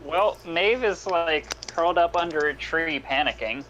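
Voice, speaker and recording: A man playing a tabletop game who speaks slowly, his voice slightly high. The sound is dull and muffled, with faint noise and typing behind him. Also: fairly bright tone. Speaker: player.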